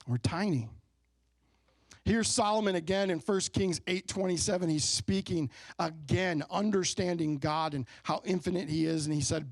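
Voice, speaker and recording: Man, pastor, conversational sermon, slightly high voice, dry close sound, engages congregation with questions. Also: normal speed, dry recording. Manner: conversational storytelling preacher, asks the congregation questions. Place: church sanctuary.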